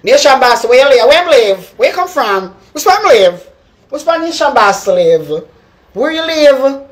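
A young woman with a strong Jamaican accent rants on camera, hammering the same points and calling someone out by name. Her voice sits on the higher side, and she talks in a heated, repetitive, confrontational way. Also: very animated, a little slow. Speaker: social media personality. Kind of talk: ranting live video.

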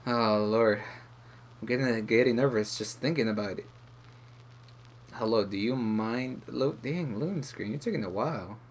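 A man giving excitable let's play commentary as a gaming YouTuber, muttering and groaning at the game. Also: mid-range voice, moderate pace, a little hiss or hum. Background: game music.

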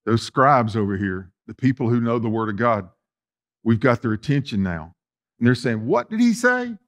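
Talking directly to those in the pews, a male pastor gives a folksy sermon that swings between loud emphasis and soft asides. His voice is lowish and his speed normal.

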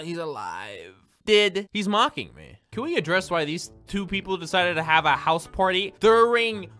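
A young man giving jokey, excitable gameplay commentary and yelling at other players. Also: high voice. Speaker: gaming video creator. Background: game music.

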